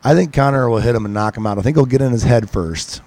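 A man's voice: medium pitch, quick pace, darkish tone, dry recording, low-quality recording. A man guest on a sports podcast, talking mixed martial arts in a rambling, casual way with many restarts and fillers. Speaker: podcast guest, MMA pundit.

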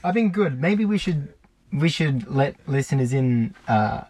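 A man's voice: medium pitch, lively intonation, unhurried, a little mellow. A man co-hosting a casual podcast chat, with a nasal voice and a self-mocking, chatty manner, recorded on a phone in a small capsule. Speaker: podcast co-host. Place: small sleeping capsule in a hostel.

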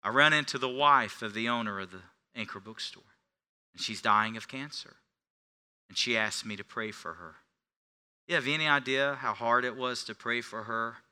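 A middle-aged male pastor preaching a sermon, swinging between quiet confession and loud, forceful preaching. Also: lowish voice, clear, resonant tone.

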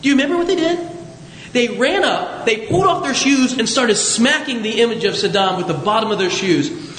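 A male pastor preaching a sermon with lively storytelling, jokes and asides, recorded in an echoey hall with a faint rumble. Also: fairly quick.

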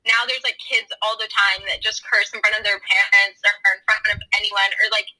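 A teenage girl in casual chat, talking in an animated way with lots of "like" fillers. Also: medium pitch, a little fast, faint music behind, low-quality recording. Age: teens. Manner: animated, rising emphasis, filler "like".

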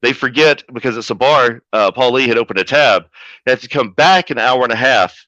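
A man who manages pro wrestlers, telling a story as a podcast guest in a profane, animated way. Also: mid-range voice, fairly quick, dry recording. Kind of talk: casual storytelling. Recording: dull lo-fi audio.

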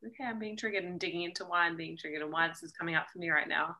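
Bright-toned woman podcast host. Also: low voice, flat delivery, racing, rough recording. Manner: affirming, asks open questions. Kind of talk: casual interview chat.

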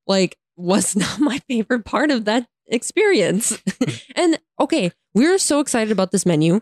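A woman's voice: mid-range voice, animated, normal speed, no room sound. Exasperated young woman, dry close sound. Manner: exasperated, laughs often, swears, filler-heavy "like". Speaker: vlogger. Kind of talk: casual storytime rant.

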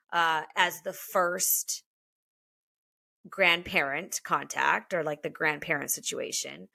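A woman's voice: fairly low pitch, gravelly, sharp tone. A woman in her thirties, a podcast co-host, chatting candidly and emotionally and swearing freely. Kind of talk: casual chat.

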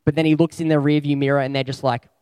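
A man's voice: a little high, little pitch movement, quick pace, a little mellow, clear, resonant tone, dry recording. Man preaching a conversational sermon. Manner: conversational, reflective, with spoken lists.

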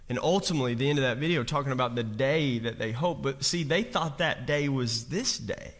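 A man's voice: a little high, fairly bright tone. A man giving a conversational, jokey sermon as a pastor, asking the congregation questions and often restarting his phrases. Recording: reverberant hall.

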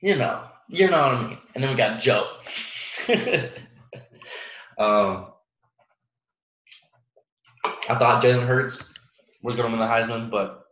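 A man's voice: mid-range voice, slow pace, pauses often, a bit bright. A young man hosting a casual solo sports podcast, rambling with lots of fillers and restarts and laughing at his own jokes. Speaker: podcast host. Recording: roomy, muffled home recording.

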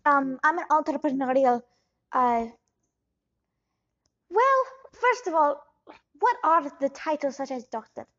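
Woman doing a scammer fake doctor, rambling, shifting accents, high voice, dull lo-fi sound. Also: lively intonation, unhurried, pauses often, a bit bright. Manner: rambling, keeps switching accents. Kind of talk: improvised comedy interview.

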